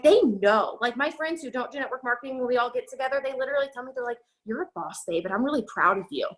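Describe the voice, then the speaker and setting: A woman's voice: fairly high pitch, a bit bright. A young woman leading a network marketing team, giving an emphatic, breathless motivational talk on a video call. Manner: fast, emphatic, preachy pep talk.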